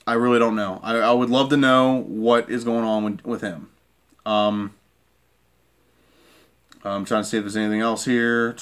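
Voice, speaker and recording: A man's voice: mid-range voice, little pitch movement, moderate pace, pauses often, a bit bright. Irate man ranting about football. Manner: irate, repeats himself, keeps asking "okay?". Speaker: sports fan vlogger. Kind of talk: heated sports rant.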